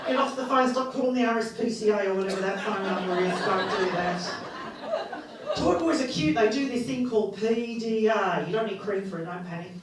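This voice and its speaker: A woman's voice: medium pitch, fairly quick, over a noisy crowd, heavy background noise. A woman doing a bawdy, self-mocking stand-up comedy set on stage, born in England and raised in Australia. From born in England, grew up in Australia. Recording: roomy live venue from a distance, audience laughter.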